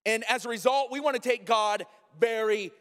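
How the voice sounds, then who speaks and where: Male pastor, high voice, animated storyteller with playful asides, preaching in a reverberant church. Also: normal speed, clear, resonant tone. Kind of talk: sermon. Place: church sanctuary.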